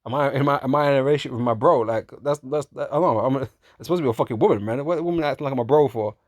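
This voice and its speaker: A man with a mid-range, darkish voice delivers a street-style sermon in studio-quality sound with no echo. He preaches casually and profanely, laughs often, and calls listeners "man" and "bro." He reads scripture slowly in old-fashioned wording.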